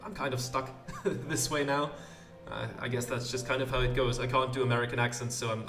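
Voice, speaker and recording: A man's voice: mid-range voice, a bit bright. A man hosting a let's play, commenting in a rambling, hesitant, self-deprecating way. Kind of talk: casual game commentary. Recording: roomy, mic at a distance, faint game music.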